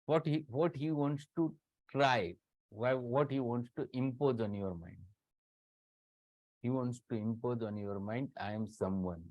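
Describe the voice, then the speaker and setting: Emphatic Indian English professor. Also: male voice, mid-range voice, unhurried, long pauses, a little mellow, dry recording. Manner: emphatic, repeats words for stress. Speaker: homoeopathy professor. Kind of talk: online lecture. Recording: dull lo-fi dry sound.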